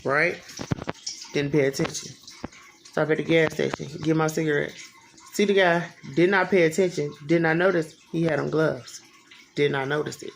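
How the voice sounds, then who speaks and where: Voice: mid-range voice, steady tone, normal speed, vocal fry, pauses often, a little hiss or hum. A vlogger in their thirties telling a personal story in a casual vlog, profane and emphatic, repeating phrases for effect. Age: 30s.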